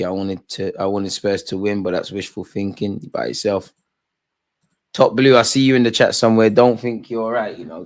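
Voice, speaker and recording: Opinionated young man chatting football. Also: lowish voice. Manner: chatty, opinionated, rambling banter. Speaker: football watch-along host. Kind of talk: casual live match commentary.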